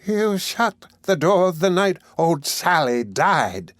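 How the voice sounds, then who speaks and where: Male reader doing an accusing old hag, high, slow, dry close read. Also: sing-song, a bit bright, no room sound, exaggerated voice. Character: shrivelled old pauper woman, accusing.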